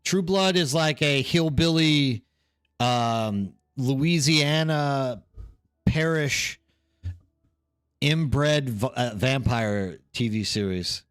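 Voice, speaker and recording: A man's voice: medium pitch, drawn-out words, fairly bright tone, smooth. A man chatting casually on a live stream while gaming, rambling and reacting to chat. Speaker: streamer hosting a watch party.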